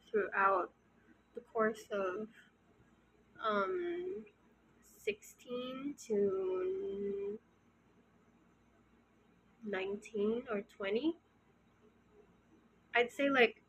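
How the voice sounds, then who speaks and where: A woman in her early twenties, soft-spoken and hesitant, talking openly to her channel in a casual, confessional way. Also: medium pitch, a little hiss or hum, rough recording. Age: early 20s. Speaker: channel host.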